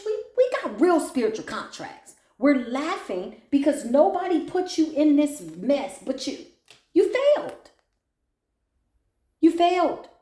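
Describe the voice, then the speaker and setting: A woman's voice: high voice, dark tone. A woman giving a blunt, profane tarot reading, mocking her targets and breaking into laughter. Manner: bursts into laughter. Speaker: tarot reader. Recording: roomy echo.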